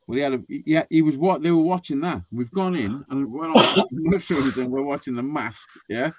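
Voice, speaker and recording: A man tells a rowdy story to friends, swearing freely and acting out every line he quotes. His voice sits a little high. The sound is dry and close. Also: normal speed, dry recording. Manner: animated, swearing, acts out quotes. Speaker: storyteller in group chat. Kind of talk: casual chat.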